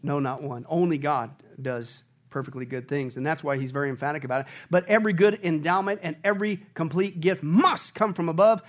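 A man's voice: a little high, fairly quick, few pauses. A man preaching as a pastor, emphatic, with rhetorical questions to the congregation and chuckles between points. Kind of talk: sermon.

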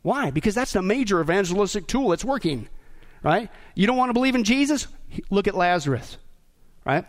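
A man preaching a sermon in an animated way, rising to shouts at the climaxes. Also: high voice, a little fast. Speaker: pastor.

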